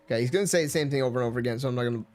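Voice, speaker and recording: A man's voice: medium pitch, rapid-fire, music in the background. A man casually commenting as he plays a video game, musing aloud and correcting himself as he goes. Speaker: let's play host.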